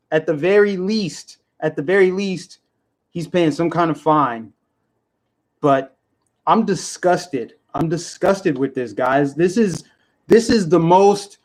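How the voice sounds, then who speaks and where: An angry man on a livestream, his voice sitting a little higher than most men's. He rants in heated bursts and circles back to the same points. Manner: heated, indignant, repetitive. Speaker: livestream vlogger. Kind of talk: angry political livestream rant.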